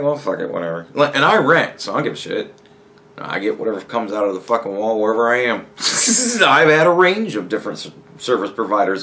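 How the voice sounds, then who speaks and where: Male podcast host, slightly high voice, casual profane rant full of sarcastic asides. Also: a bit bright. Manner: profane, sarcastic, mocking impressions.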